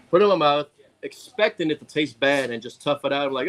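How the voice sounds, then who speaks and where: On a casual talk show, a man with a mid-range voice tells a funny story fast, laughing as he animatedly acts out what people said.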